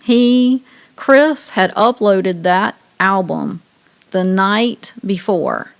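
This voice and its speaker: A woman with a Southern US accent, co-hosting a radio show in casual chat, talkative and quick to laugh as she tells long stories. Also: medium pitch, creaky. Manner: chatty, laughs often, tells stories at length.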